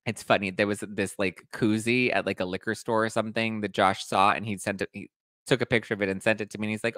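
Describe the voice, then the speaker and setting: A man hosting a reality TV gossip podcast in a sassy, animated, self-deprecating way. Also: on the low side, a little fast, no room sound. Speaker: podcast host. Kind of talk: casual reality TV gossip recap.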